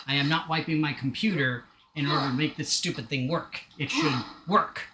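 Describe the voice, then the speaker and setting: A man chatting on a live gaming stream, rambling and poking fun at himself between jokes. His voice is bright and forward, and the room adds a noticeable echo with a faint hiss underneath. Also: a little high, normal speed. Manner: rambling, self-deprecating, joking asides. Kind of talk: casual live-stream chatter while playing.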